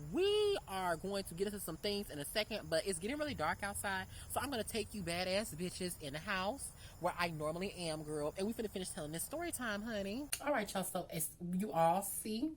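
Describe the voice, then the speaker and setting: A woman's voice: lowish voice, slight background noise, rough recording. Sassy young woman telling a story. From Memphis, Tennessee. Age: 20s. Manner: sassy, brash, keeps calling the audience girl and honey. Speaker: vlogger. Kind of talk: casual storytime.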